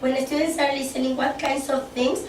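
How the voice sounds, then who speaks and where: In a classroom, a distant room mic records a woman running an interactive workshop, questioning the group and checking in with "okay?" and "yes?". Her high-pitched, darkish voice moves a little fast with fairly even intonation, and the sound is echoey with faint noise.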